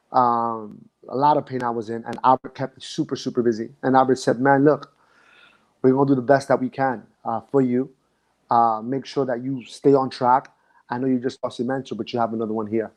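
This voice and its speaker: A man's voice: medium pitch, flat delivery, a little fast. A man, a dance instructor, recalling his past in a reflective, emotional way and often restarting his sentences. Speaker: guest. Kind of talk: casual conversation.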